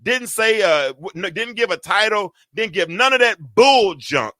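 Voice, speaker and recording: A man's voice: high-pitched, lively intonation, moderate pace, sharp tone, no room sound, clean studio sound. A man hosting a show, teaching from the Bible in a preaching style, colloquial and building into emphatic, repeated lines. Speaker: host.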